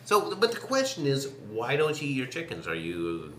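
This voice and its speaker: A man hosting a casual interview, playful and laughing, telling a lively story. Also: mid-range voice, fairly quick, echoey room, slight background noise. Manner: playful, laughing, acts out voices in stories. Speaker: host.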